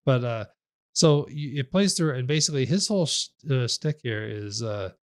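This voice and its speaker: Rambling, animated man reviewing games. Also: mid-range voice, normal speed. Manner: rambling, animated retelling with laughs. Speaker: podcast co-host. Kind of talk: casual game review chat.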